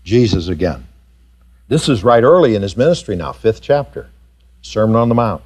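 Lively animated male preacher. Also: moderate pace, slightly rough. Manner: animated, rising high when acting out skeptics. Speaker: pastor. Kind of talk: sermon. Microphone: pulpit mic recorded for tape.

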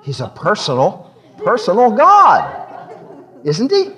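A man's voice: sits high, huge pitch swings, slow, a bit bright. A man preaching a sermon in a church service, talking frank and conversational, breaking into laughter as he speaks.

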